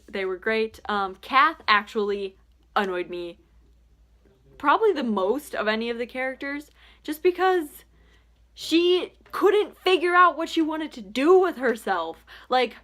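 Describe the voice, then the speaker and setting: A young woman casually reviewing a book in a vlog, chatty and animated, with plenty of fillers. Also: on the high side.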